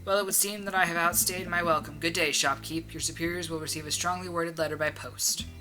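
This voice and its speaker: A reader voicing a fussy, formal older gentleman complaining in a shop, over music. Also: mid-range voice, steady tone, fairly quick, lightly acted. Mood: indignant. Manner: pompous, formal.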